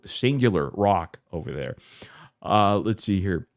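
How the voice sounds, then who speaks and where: A man hosting a commentary channel, ranting in a heated, mocking and profane way, halting with fillers and restarts. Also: low-pitched, expressive, dry recording, clean studio sound. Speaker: YouTube commentary host.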